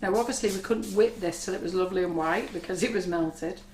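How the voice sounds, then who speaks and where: A woman with a husky voice, chatting reassuringly as she gives a live baking demonstration in a kitchen. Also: lowish voice, fast talker, darkish tone. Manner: chatty, reassuring, talks while working. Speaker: cake decorating instructor. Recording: echoey kitchen with faint noise.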